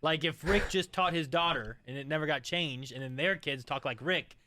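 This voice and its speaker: A man's voice: a little high, moderate pace, bright, forceful tone. A man co-hosting a podcast in casual chat, thoughtful and a little hesitant, often restarting as he looks for words. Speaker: podcast co-host.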